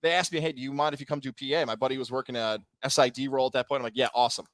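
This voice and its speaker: A man co-hosting a sports radio show, telling stories in a casual, animated way and acting out quotes. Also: medium pitch, rapid-fire, no room sound. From Central New York. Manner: animated storytelling, acts out quotes.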